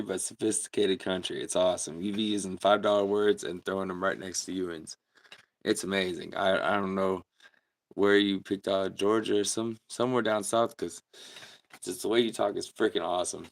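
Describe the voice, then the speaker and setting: A man with a low, steady, gravelly voice talks fairly quickly while hosting a casual livestream. Laid-back, he reads comments, chats with viewers and laughs often.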